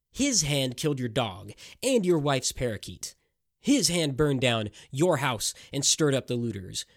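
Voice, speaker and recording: A man's voice: a little high, dry recording, clean studio sound. A man voicing a vengeful masked male stranger who lays out his crimes in a relentless, accusing voice.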